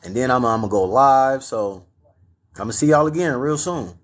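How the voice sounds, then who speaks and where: A man's voice: medium pitch, expressive, normal speed. A man hosting a late-night live stream, talking casually with lots of slang and motivating his viewers, whom he calls family. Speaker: livestream host.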